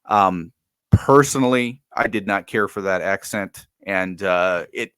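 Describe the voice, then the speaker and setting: Male co-host, lowish voice, casual and halting review chat, dry close sound. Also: fairly bright tone, smooth, dry recording. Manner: hesitant, many restarts and fillers. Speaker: podcast co-host.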